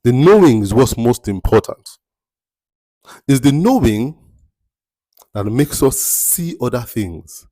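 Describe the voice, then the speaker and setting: A man's voice: mid-range voice, big pitch swings, slow pace, pauses often, mellow, no echo. A man giving a motivational talk as a mentor, emphatic and rhetorical, repeating his key phrases. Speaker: mentor giving life advice.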